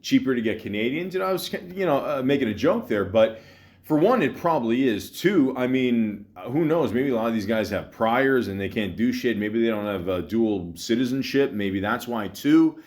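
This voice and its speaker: A man hosting a podcast, ranting bluntly in casual commentary, swearing and stopping often to fill pauses. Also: medium pitch, lively intonation, a little mellow. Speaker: podcast host.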